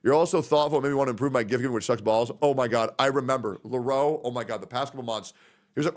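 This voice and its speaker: A man in his thirties, a streamer, chatting casually and emotionally, rambling on about his friends. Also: very fast. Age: 30s. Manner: rambling, emotional, puts on high voices when quoting friends.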